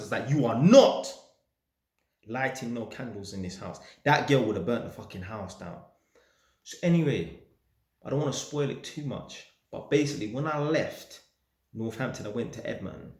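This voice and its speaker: A man telling a story in an animated way, swearing and bursting into shouts. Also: medium pitch, roomy sound. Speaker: landlord vlogger. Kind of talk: casual storytelling rant.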